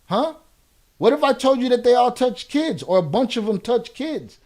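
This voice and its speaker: A man's voice: very high-pitched, sing-song, normal speed, darkish tone. A man hosting a live reaction stream, reading chat comments aloud and firing back in profane street slang with a Chicago accent. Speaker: reaction channel host.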